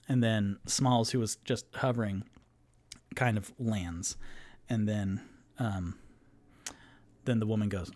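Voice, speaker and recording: A man narrating as game master, improvising fantasy scenes in a halting way, with many fillers and restarts. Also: lowish voice, steady tone, darkish tone.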